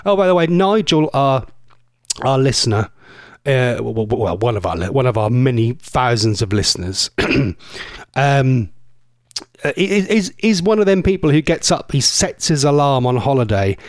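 A man's voice: medium pitch, animated, moderate pace, dry recording, studio quality. A man presenting a radio show, chatting casually and teasing listeners in a rambling way. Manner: chatty, teasing, rambling with mock-posh asides. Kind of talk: casual chat with listener messages.

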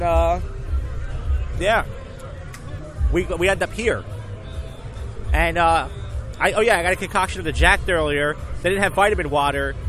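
A high-voiced man from Philadelphia talks into his phone outside a bar, rambling and cursing freely, now and then breaking into shouts. Loud music and street noise fill the background of this outdoor recording. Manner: profane, rambling, bursts of shouting. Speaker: vlogger. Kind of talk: casual rambling recap. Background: loud music and traffic.

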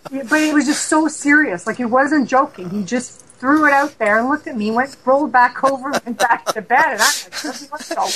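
Canadian woman telling lively ghost stories. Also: high-pitched, normal speed, few pauses, breathy edge, rough recording. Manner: animated, laughing storyteller acting out dialogue. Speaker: paranormal investigator guest. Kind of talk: casual storytelling interview.

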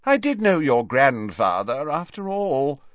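A man voicing a jovial, plump old male professor who talks in a slow, fruity, indulgent way. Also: mid-range voice, sing-song, dry recording, lo-fi sound, pitched above the performer's own voice.

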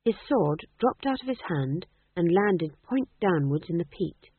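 A narrator reading a fantasy story aloud with expressive storytelling. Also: medium pitch, measured pace, breathy edge. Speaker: audiobook narrator. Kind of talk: scripted narration. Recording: dry tinny phone-like audio.

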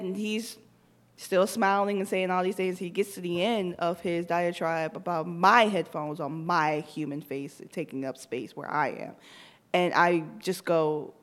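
A woman in her thirties, co-hosting a podcast, telling a story in casual chat with lively acted-out quotes. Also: lowish voice, unhurried. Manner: animated, tells stories with acted-out quotes. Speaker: podcast co-host.

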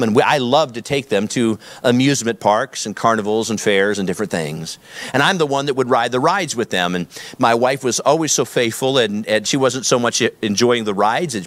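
Emphatic middle-aged preacher, dry sound. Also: male voice, mid-range voice, no echo. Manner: emphatic, repetitive, storytelling preacher. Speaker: pastor. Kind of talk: sermon.

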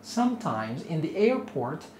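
Slow, patient male English teacher. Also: fairly high pitch, sing-song, darkish tone. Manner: slow, patient, repeats each phrase. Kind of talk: slow repeat-after-me English lesson. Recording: echoey room with faint noise.

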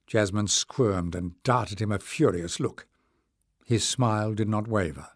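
A man with a fairly low-pitched voice narrates a fantasy novel from a script for an audiobook. His storytelling is measured and expressive, captured in a dry, clean studio recording.

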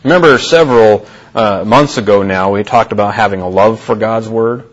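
The pastor's voice sits fairly low and moves at a normal speed, captured with dull audio. Preaching earnestly to his church congregation, he keeps repeating and restarting his phrases and asks questions.

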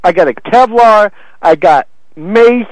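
A man's voice: high-pitched, expressive, takes it slowly, no room sound. A man making a prank phone call, belligerent and taunting, swearing constantly. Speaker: prank caller. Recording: muffled phone call recording.

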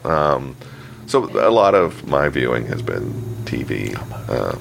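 A slow, rumbling low voice with vocal fry, plus a little hiss or hum on the recording, belongs to a podcast co-host. He chats casually and tells animated stories, swearing plenty.

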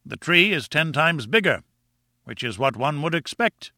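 A man putting on a booming, scornful old professor. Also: big pitch swings, normal speed, bright, forceful tone, no room sound, studio quality, heavily acted. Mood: lecturing. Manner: lecturing, triumphant. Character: pompous, contemptuous older male professor.

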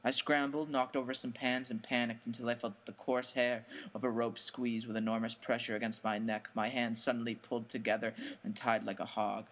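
A man narrating a first-person horror story in a measured, plain storytelling manner. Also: mid-range voice, little pitch movement, fairly bright tone.

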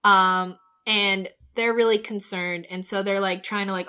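A woman hosting a podcast, recapping a cartoon episode in a casual, chatty way, full of "like" and quick laughs. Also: mid-range voice, fairly even intonation, bright, forceful tone, clean tone, lo-fi sound.

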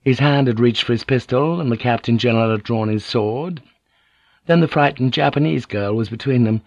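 A man's voice: medium pitch, moderate pace, a little mellow, no echo, dull audio. A man steadily narrating an audiobook. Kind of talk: scripted narration. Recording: dry close studio sound.

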